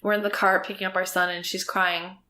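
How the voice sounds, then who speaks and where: Middle-aged woman cohost, blunt, jokes at her own expense, swears casually, medium pitch. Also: level tone, fairly quick, bright, forceful tone. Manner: candid, self-mocking, swears casually. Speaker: podcast co-host. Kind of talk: casual chat.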